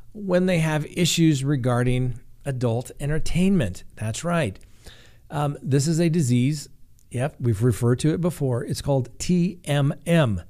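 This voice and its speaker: A man's voice: mid-range voice, warm tone. A middle-aged man hosting a true crime news show, reading stories with wry, sarcastic asides. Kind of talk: scripted crime news commentary.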